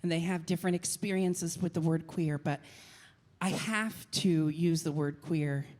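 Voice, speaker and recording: A middle-aged woman from Portland, Oregon, performing stand-up comedy on a live stage with a handheld mic, talking theatrically and breaking into shouted rants. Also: fairly low pitch, fairly even intonation, measured pace. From Portland, Oregon, USA. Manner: theatrical, swings into loud shouted rants and sung bits. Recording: live stage recording, crowd and noise. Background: audience laughter.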